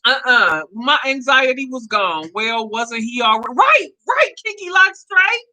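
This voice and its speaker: A woman in her fifties telling a personal story to her viewers in a casual, animated way, laughing often. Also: sits high, unhurried, few pauses, rough recording. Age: 50s. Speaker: vlogger.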